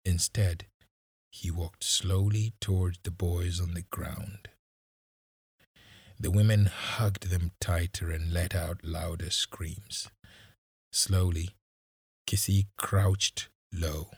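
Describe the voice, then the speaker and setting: Male audiobook narrator, low husky voice, slow and dry, measured dramatic delivery. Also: level tone, darkish tone, no echo.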